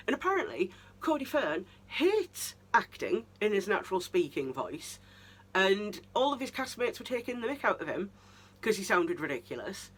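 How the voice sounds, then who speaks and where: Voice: mid-range voice, very animated, normal speed, a bit bright. Vlogger ranting about a show, kinda incredulous, keeps restarting sentences. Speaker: vlogger reviewing a TV season. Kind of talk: casual review monologue.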